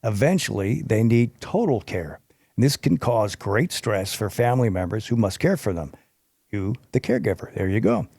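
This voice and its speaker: A man's voice: fairly low pitch, animated, normal speed, creaky, darkish tone, husky, no room sound, clean studio sound. A man hosting a podcast, reading health information from notes and adding informal asides, sometimes stumbling over hard terms. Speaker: podcast host.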